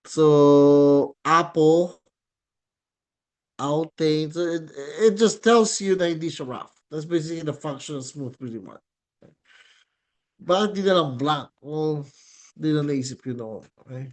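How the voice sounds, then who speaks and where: A man with a Filipino accent teaching a Greek class in a classroom lecture, switching languages and pausing often with fillers and restarts. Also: a little high. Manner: code-switching, halting, many fillers and restarts.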